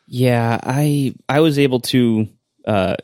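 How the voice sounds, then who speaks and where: A man's voice: mid-range voice, takes it slowly, darkish tone, dry recording, clean studio sound. A man co-hosting a podcast in casual chat, often hesitating and restarting his sentences. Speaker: podcast co-host.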